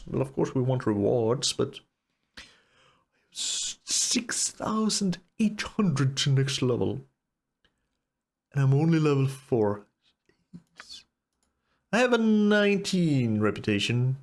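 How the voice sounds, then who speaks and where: A man's voice: a little high, sing-song, slow pace, long pauses. A man giving casual let's play commentary, chatty and thinking aloud while he plays. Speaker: gamer.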